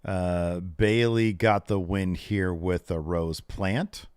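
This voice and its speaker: A man's voice: sits low, slow pace, clean tone, dry recording, studio quality. A man co-hosting a wrestling podcast, casually recapping matches with plenty of "uh"s and raising his voice to quote wrestlers. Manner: relaxed recapping with filler "uh"s, quotes wrestlers in a raised voice. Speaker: podcast co-host.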